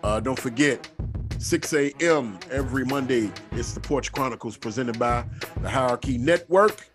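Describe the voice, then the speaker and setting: A man's voice: medium pitch, moderate pace, music in the background. A man hosting a casual podcast, signing off with loose talk, blessings and encouragement to pray. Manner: loose, laid-back, with blessings and prayer talk. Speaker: podcast host.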